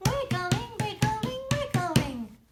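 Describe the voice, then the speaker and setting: Brief: a woman playing a tiny baby worm, squeaky and shivery, for a kids' song, in a roomy echo. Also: big pitch swings, slow, very noisy, full character voice. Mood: shivery chant. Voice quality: high squeaky childlike voice.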